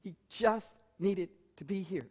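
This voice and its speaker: Middle-aged female pastor, deliberate slow sermon delivery, emphatic repetition, long hall reverb. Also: medium pitch, breathy edge. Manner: emphatic and repetitive, swinging between loud proclamation and hushed storytelling.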